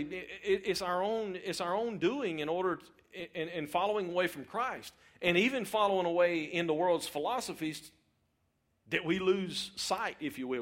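A middle-aged preacher with a high, fairly bright voice keeps his church sermon informal and conversational. He repeats words and checks in with the audience by asking them questions.

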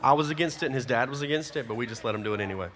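A man, a youth pastor giving a folksy, energetic closing talk to his youth group. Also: medium pitch, very fast.

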